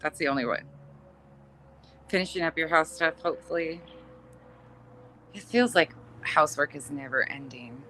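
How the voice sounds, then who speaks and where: A woman's voice: low voice, animated, normal speed, pauses often, sharp tone, slight background noise. A middle-aged woman chatting casually on a livestream, reading viewer comments, laughing often and swearing casually. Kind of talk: casual chat.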